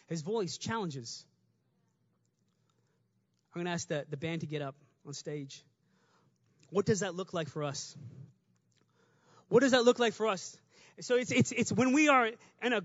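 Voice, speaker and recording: A man's voice: high voice, fairly bright tone. A man preaching a sermon, earnest, repeating phrases as he builds his point. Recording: dull sound with long reverb.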